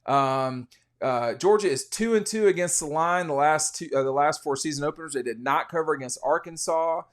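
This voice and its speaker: Speaking at a normal speed in a voice on the high side, this sports podcast host runs a laid-back college football show. His betting takes are rambling and opinionated, full of restarts.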